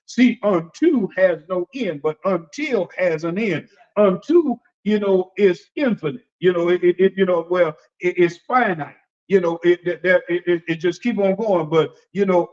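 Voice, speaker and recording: A man preaching conversationally as an apostle, folksy and animated, often repeating phrases and acting out the voices he quotes. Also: high-pitched, moderate pace, lo-fi sound. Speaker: apostle and preacher leading a discussion.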